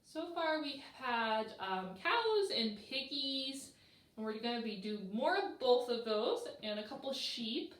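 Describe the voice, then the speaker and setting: Slow sing-song woman reading storytime. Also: a little high, very animated, a bit bright. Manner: slow, sing-song and encouraging with little ones. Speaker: children's librarian. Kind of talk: storytime reading and rhymes for babies. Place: library room. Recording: echoey room.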